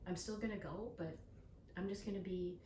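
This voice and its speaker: A woman's voice: lowish voice, fairly even intonation, a little fast, dark tone. An older woman hosting an interview, talking earnestly and telling stories with acted-out quotes. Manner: earnest, storytelling, acts out quoted voices. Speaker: host. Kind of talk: casual interview chat. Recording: echoey room from far off with faint noise.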